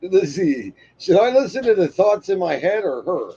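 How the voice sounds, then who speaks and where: A man's voice: sits high, very animated, normal speed, warm tone, slightly rough, muffled recording. A man co-hosting a casual livestream, joking and teasing, a little tipsy. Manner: joking, teasing, laughs often. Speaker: co-host of a livestream. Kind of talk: casual chat.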